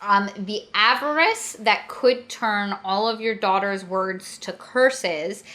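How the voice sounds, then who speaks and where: A woman's voice: mid-range voice, slow pace, sharp tone. A woman co-hosting a casual book-critique podcast, retelling a story with acted-out quotes and swearing. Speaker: podcast co-host.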